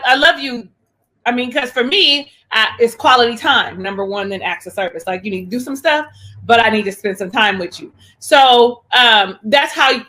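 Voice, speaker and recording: A woman co-hosting a podcast, chatting casually about a reality show and acting out quotes as she talks. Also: fairly high pitch. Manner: chatty, animated, acts out quotes. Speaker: podcast co-host.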